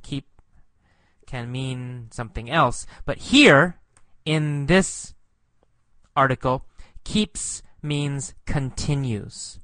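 Slow, patient male English teacher. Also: medium pitch, a bit bright, no echo. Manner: patient, repeats words, explains meanings.

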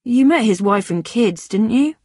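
A woman reader voicing a gentle adult man who speaks in a soft, reassuring way, close to her own voice. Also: on the high side, animated, normal speed, breathy edge, no room sound, pitched above the performer's own voice. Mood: concerned.

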